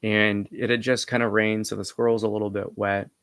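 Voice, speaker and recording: Low gravelly young man, rambling. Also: level tone, brisk, a bit bright, no room sound. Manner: rambling, heavy filler words, hesitant restarts. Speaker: vlogger. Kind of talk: casual personal storytelling.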